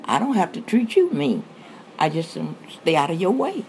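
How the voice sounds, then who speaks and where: A woman's voice: low voice, sing-song, normal speed, darkish tone, slight background noise. A woman talking bluntly and plainly, in a folksy way.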